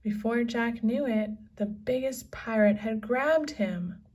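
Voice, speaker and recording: Slow, expressive woman reading a storybook. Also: fairly high pitch. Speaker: children's book reader. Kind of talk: reading a children's book aloud. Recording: distant from the mic.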